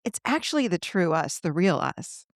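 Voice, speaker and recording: A woman's voice: fairly low pitch, big pitch swings, moderate pace, no echo, studio quality. A woman guest on a podcast interview, talking earnestly in a coaching manner and acting out the voices of the people she quotes.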